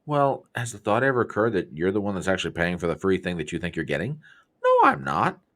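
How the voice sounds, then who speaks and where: A man from the American South with a Southern accent, hosting a casual chat and telling folksy sayings in an animated way. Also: sits low, fast talker. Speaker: podcast host.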